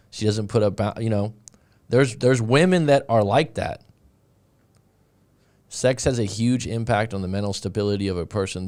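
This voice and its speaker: A man with a somewhat low voice talks loosely through viewer questions as a dating coach on a live stream. He rambles, restarts his sentences and drifts into side stories, keeping a relaxed, chatty flow. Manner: rambling, with many restarts and asides. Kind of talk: casual live-stream chat reading viewer comments.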